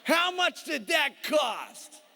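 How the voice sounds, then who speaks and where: A man playing a loud, angry husband who shouts in disbelief. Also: extremely high pitch, very animated, extremely slow, gravelly, a little hiss or hum, voice pushed up, full character voice. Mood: outraged. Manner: shouting, incredulous. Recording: long hall reverb.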